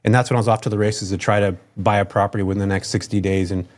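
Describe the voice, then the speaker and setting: A man's voice: lowish voice, steady tone, very fast. A middle-aged man from California, a podcast guest telling his story in an upbeat, enthusiastic, chatty way. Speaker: podcast guest, real estate investor. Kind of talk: casual storytelling.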